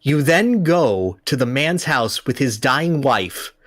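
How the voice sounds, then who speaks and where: A man's voice: medium pitch, sing-song, slow, fairly bright tone, dry recording, clean studio sound. A man hosting a podcast and retelling a video game story with amusement. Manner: amused, laughs while recounting. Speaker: podcast host.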